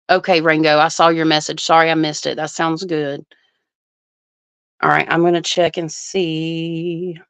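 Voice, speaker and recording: A woman's voice: fairly low pitch, fairly bright tone, clean tone, dry recording. A woman hosting an astrology livestream, chatting casually and thinking aloud while she answers viewer comments.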